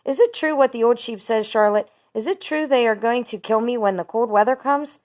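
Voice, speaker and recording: A woman's voice: lowish voice, normal speed, lightly acted. A woman voicing a frightened, emotional young male pig in a read-aloud storybook, pleading and wailing. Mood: panicked.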